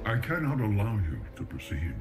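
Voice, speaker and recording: A stern ancient god. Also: male voice, fairly low pitch, sing-song, moderate pace, music in the background. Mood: commanding. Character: ancient stern male bird-skulled god. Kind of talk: film drama dialogue.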